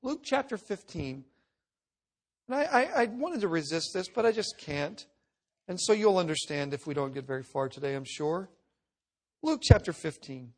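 A man preaching with a fairly high voice. He delivers his sermon emphatically, rising to loud declarations and dropping to quiet asides, and he sometimes acts out the voices he quotes. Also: big pitch swings, normal speed. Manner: emphatic preaching, shifts between loud and hushed. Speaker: pastor.

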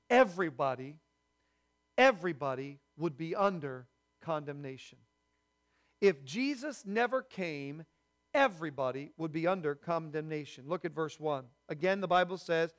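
A man's voice: sits high, lively intonation, moderate pace. A man preaching a sermon as pastor, teaching and asking the congregation rhetorical questions. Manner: prayerful and hushed when praying.

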